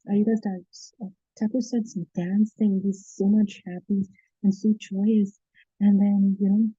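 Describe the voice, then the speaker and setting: A woman's voice: medium pitch, dark tone, slightly rough, dry recording, dull audio. A woman giving an earnest devotional talk, retelling scripture stories with many fillers and restarts. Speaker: devotional speaker.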